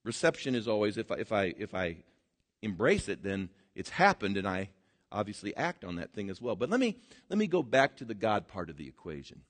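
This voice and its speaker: A man preaching a sermon, animated, swinging between loud emphatic bursts and quiet, drawn-out words. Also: lowish voice. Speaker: pastor.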